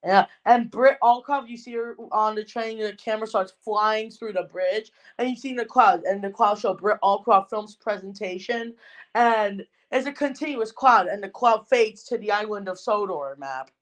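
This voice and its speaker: A woman co-hosting a casual fan podcast, excitable and rambling, full of fillers and restarts. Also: mid-range voice, normal speed. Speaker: podcast co-host.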